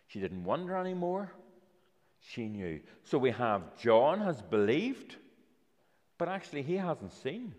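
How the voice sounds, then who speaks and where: A male preacher gives a children's talk sermon, his voice rising and falling in a lively storytelling way. He draws listeners in and invites them up. The sound carries a long reverb from a church hall. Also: mid-range voice, a little slow. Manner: storytelling with props, inviting people up.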